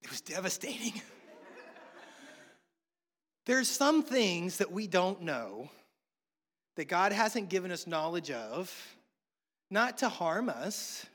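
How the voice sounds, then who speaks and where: High-voiced man preaching in a reverberant hall. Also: sing-song, slow, long pauses, fairly bright tone. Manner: conversational preaching with humorous family anecdotes. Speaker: pastor. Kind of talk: sermon.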